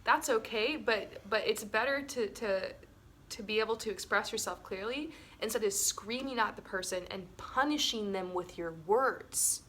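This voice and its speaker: A woman's voice: medium pitch, normal speed, fairly bright tone, a little hiss or hum. A woman co-hosting a relationship webinar, talking casually with her partner, laughing often and filling her talk with "like" and "um". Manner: chatty, laughs often, many "like" and "um" fillers.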